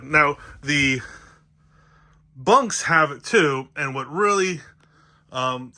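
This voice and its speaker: A man's voice: mid-range voice, pushed and bright. A man with a New Jersey accent, vlogging casually from inside a travel trailer and showing off gear in a rambling, upbeat way, with lots of fillers. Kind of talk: casual show-and-tell vlog.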